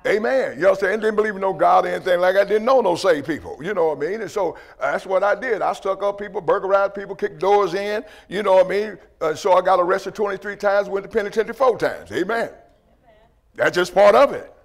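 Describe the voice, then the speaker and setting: A man's voice: high voice, fast, gravelly. A man preaching a testimony sermon, emphatic and repetitive, often asking "you know what I mean" and restarting his words.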